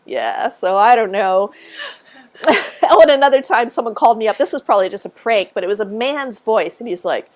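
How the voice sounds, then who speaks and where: A middle-aged woman, a guest author, telling stories on a casual podcast, animated and laughing often as she restarts her sentences. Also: on the high side, a little fast.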